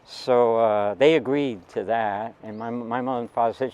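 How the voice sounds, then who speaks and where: Older American man, halting anecdotal storyteller, mid-pitched. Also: steady tone, a little mellow, smooth, dull audio. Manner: rambling, halting, with many restarts. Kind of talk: personal anecdote.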